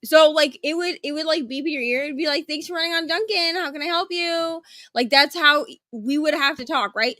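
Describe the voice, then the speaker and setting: Young woman, high voice, blunt and frank, casual storytelling, dry close sound. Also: a bit bright, no echo. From Florida. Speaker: co-host of a reading stream. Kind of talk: casual chat.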